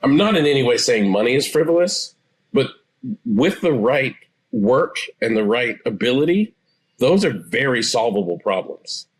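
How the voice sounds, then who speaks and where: A man in his forties, a therapist guest, explaining things in a calm, assured way. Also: mid-range voice, moderate pace, husky. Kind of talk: interview answers.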